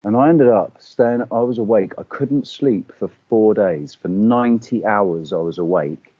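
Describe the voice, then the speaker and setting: A man in casual chat, telling stories with animated swearing and acting out quotes. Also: on the low side, a little slow, no echo. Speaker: podcast guest. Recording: dull lo-fi audio.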